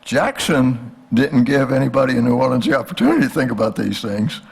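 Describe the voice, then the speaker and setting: A man's voice: medium pitch, lively intonation, brisk, creaky, darkish tone, slightly rough. An older man giving a conversational history lecture, asking the audience rhetorical questions.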